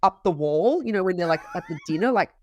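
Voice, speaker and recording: A woman's voice: on the low side, fast, dull audio. A woman pastry chef, a podcast guest, who tells a story with animation, acting out the dialogue and laughing as she goes. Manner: animated, acts out quoted dialogue, laughs while telling. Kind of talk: conversational storytelling.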